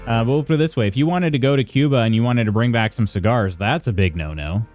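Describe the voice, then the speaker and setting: A man's voice: medium pitch, quick pace, darkish tone, faint music behind. A man streaming live, chatting casually with viewers and greeting them by name while reading the chat aloud. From United States.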